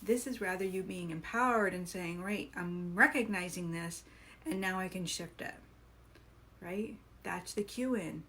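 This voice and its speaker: A woman's voice: fairly low pitch, measured pace, fairly bright tone, slight background noise. A woman hosting a live coaching stream, talking earnestly and encouragingly, asking her viewers questions.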